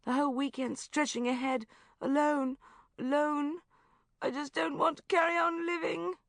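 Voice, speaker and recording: A woman reading an audiobook, voicing a sobbing, despairing young woman friend in a high, wailing voice. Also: little pitch movement, brisk, no room sound, natural voice.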